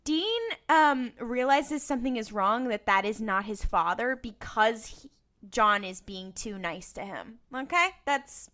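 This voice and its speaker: A woman's voice: fairly high pitch, lively intonation, a little slow, bright, forceful tone. A woman co-hosting a podcast, recapping episodes in casual chat and acting out lines in silly voices, swearing freely and laughing often. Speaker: podcast co-host.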